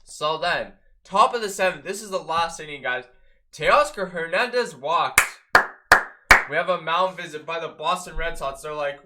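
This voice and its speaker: A man giving an excitable, chatty fan recap of a baseball game, talking to viewers as a fan. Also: a little high, normal speed, slight background noise. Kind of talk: casual game recap vlog.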